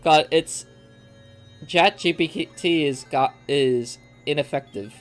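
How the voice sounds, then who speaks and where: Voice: medium pitch, slow pace, soft background music. A young adult streamer in casual, joking banter with friends during a live game session, laughing often and swearing freely. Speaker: gaming streamer.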